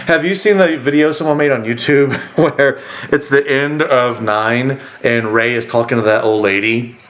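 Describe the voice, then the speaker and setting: A man's voice: mid-range voice, moderate pace. A man co-hosting a podcast in casual chat, rambling and acting out quotes. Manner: rambling, animated, acts out quotes. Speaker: podcast co-host.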